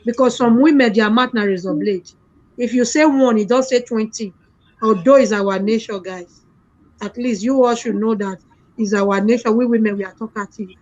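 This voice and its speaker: A woman's voice: fairly high pitch, moderate pace, darkish tone. A woman hosting a casual live-stream chat, thanking callers and reading out viewer comments. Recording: dull lo-fi stream audio with faint noise.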